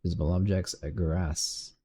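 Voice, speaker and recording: A man's voice: low voice, steady tone, normal speed, warm tone, breathy edge. A man streaming his game development, muttering to himself while coding and cursing when things break. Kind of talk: casual live-coding commentary.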